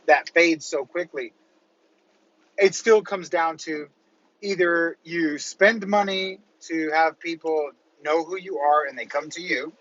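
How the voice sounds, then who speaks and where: Middle-aged man, real estate coach, rambling casual monologue, slightly high voice, dull lo-fi recording. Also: a bit bright. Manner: rambling, conversational, peppered with "right?".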